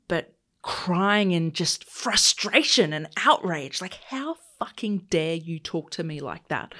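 A woman's voice: fairly low pitch, fairly bright tone. A woman podcast host in her thirties telling a personal story candidly, acting out the dialogue she recalls. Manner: candid, conversational, acts out quoted dialogue.

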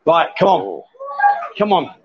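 A cheery man with a fairly high voice hosts a live stream in a bar, coaxing pool players along and calling everyone darling. The sound is muffled, with loud bar noise behind him. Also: very animated, slow pace. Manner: cheery, coaxing, says "sweetheart" and "darling" a lot. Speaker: host. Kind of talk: casual live stream chat.

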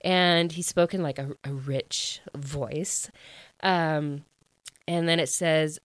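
A woman gushes through a book recap at home, chatty and quick to ramble. Her voice sits somewhat low. The sound is dry and close to the mic. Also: steady tone, no room sound. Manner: gushing and chatty, full of "like". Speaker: book reviewer.

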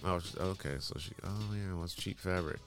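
A man's voice: low-pitched, brisk, soft background music. A man hosting casual news commentary, reading headlines aloud and adding sarcastic, dismissive asides.

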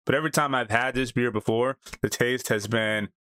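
A married man co-hosts a laid-back beer review podcast, chatting with relaxed enthusiasm and a few filler words. His voice is medium-pitched and brisk, with no room sound.

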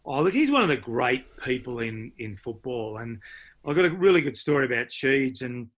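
A man's voice: medium pitch, moderate pace. An older Australian man, a former footballer and coach, telling stories in a casual interview and mimicking other people's voices. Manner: animated, mimics voices in anecdotes.

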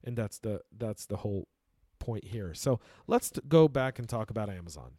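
A man's voice: on the low side, animated, moderate pace, mellow, no room sound. A man hosting a podcast in a studio, talking casually and emphatically with frequent restarts, a native Arabic speaker. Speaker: podcast host.

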